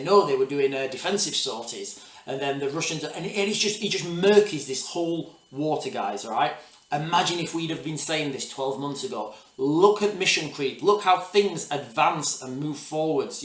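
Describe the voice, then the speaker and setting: A man in a casual commentary vlog. His voice sits a little higher than most men's, and he talks to his viewers in loose, rambling asides, often stopping to restart a thought. He sounds set back from the mic in an echoey room. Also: animated, moderate pace, distant mic. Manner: rambling, restarts, repeats "guys, all right". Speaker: video host.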